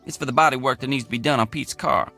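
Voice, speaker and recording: A man's voice: mid-range voice, fast, gravelly, music in the background, natural voice. A man playing a drawling folksy mechanic. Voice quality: rural drawl, slangy grammar. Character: folksy middle-aged male mechanic, easygoing and apologetic. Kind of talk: video game voice acting.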